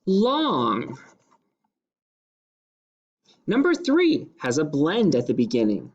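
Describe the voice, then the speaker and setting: A man teaching a phonics dictation lesson to young pupils, sounding out each word slowly and clearly and repeating it several times. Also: mid-range voice, very animated.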